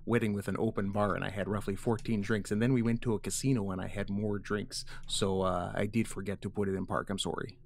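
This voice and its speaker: A man's voice: on the low side, level tone, fast talker, vocal fry, hardly any pauses, a little hiss or hum. A man co-hosting a gaming stream, telling rambling stories and joking dryly, with fillers. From Canada. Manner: wry, rambling, stumbles with fillers. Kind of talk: casual storytelling and banter.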